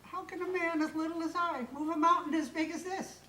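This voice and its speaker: A woman's voice: very high-pitched, steady tone, fairly quick, sharp tone, a little hiss or hum, voice pushed up. A woman voicing a small, timid man who speaks in a pleading, earnest way. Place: live stage in a hall. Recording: echoey hall from far off.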